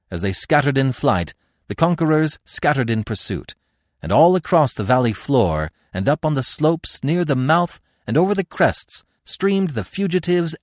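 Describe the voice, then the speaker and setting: A man's voice: medium pitch, no echo, clean studio sound. A man narrating an adventure story in a dramatic, scripted style, with wide swings in volume. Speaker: narrator and host.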